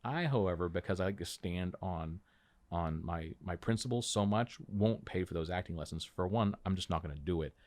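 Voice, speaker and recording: A man on a podcast telling stories from his acting work in a casual, animated way, acting out other people's lines as he goes. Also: deep voice, fairly quick. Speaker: podcast guest, actor. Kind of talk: casual storytelling chat. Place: small podcast room.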